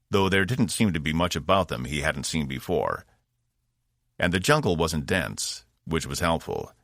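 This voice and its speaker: A man narrating a science fiction audiobook in a measured, expressive storytelling manner. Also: rumbling low, gravelly, no echo, studio quality.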